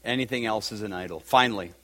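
A man preaching a sermon, swinging from loud, fervent peaks to a soft, emotional hush. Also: fairly low pitch, quick pace. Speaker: pastor.

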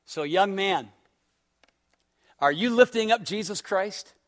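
A man's voice: high-pitched, animated, takes it slowly, a bit bright. A man preaching a sermon as pastor, pressing his listeners with repeated rhetorical questions and acting out a story in quoted dialogue.

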